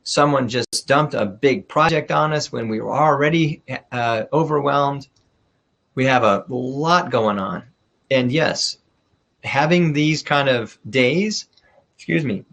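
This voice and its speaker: Blunt, husky-voiced male leadership coach. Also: mid-range voice, a bit bright. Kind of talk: workshop talk.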